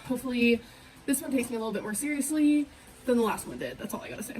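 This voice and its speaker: A woman's voice: fairly high pitch, big pitch swings, fast talker, a little mellow, slight background noise, low-quality recording. A stuffed-up woman chatting casually and giggling as she cooks in her home kitchen for a vlog. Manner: chatty, giggly, talks to viewers. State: congested from a cold. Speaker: vlogger. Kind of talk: casual cooking vlog chat.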